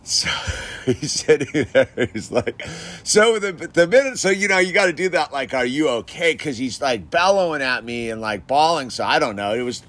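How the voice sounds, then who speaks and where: A man's voice: medium pitch, fairly bright tone. A man casually telling an anecdote, chatty, laughing often and full of filler words. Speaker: storyteller.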